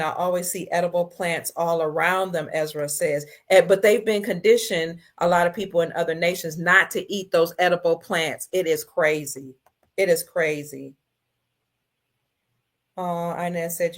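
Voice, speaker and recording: A woman hosting a casual livestream, reading viewer comments, emotional and tearful, her voice swinging between soft and loud. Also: on the low side, fairly even intonation, moderate pace. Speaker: livestream host.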